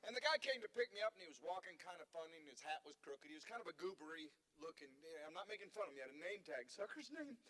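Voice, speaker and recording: A man from doing a stand-up routine on a theater stage, telling stories in an animated way. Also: fairly high pitch, racing, few pauses. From Detroit. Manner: animated storytelling, voices for characters. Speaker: stand-up comedian.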